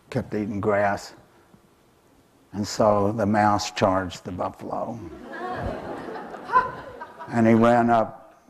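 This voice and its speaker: A man's voice: on the low side, gravelly, a little mellow, a little hiss or hum. A man telling an animal folk tale in a talk, hesitant and full of fillers. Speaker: author and speaker.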